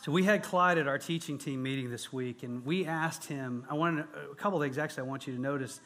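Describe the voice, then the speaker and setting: A man's voice: a little high, brisk, a bit bright. A man preaching a sermon to a gathering of men, earnest and emphatic, building points through repetition. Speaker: pastor.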